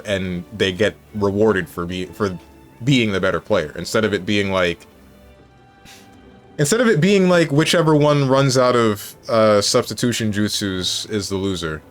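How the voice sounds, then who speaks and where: Male streamer, casual chat, somewhat low voice, thinks aloud, faint music behind. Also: fairly bright tone. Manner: thinking aloud, musing and self-correcting.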